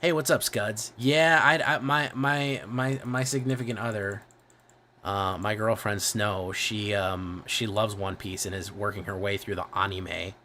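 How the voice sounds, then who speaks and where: Young male streamer, Midwest accent, lowish voice, loose and profane, faint background hiss. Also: fairly even intonation, unhurried, pushed and bright. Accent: American Midwest. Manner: profane, rambling, self-correcting. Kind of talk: casual livestream chat.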